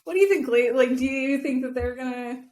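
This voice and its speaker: Chatty woman podcaster, bright pitch. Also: brisk. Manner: chatty, explains at length, laughs often. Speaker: podcast co-host. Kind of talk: casual sports chat.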